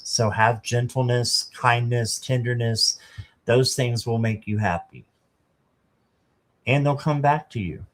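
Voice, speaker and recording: A man doing a casual live tarot reading, chatting to viewers and reading the card text aloud. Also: mid-range voice. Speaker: tarot reader.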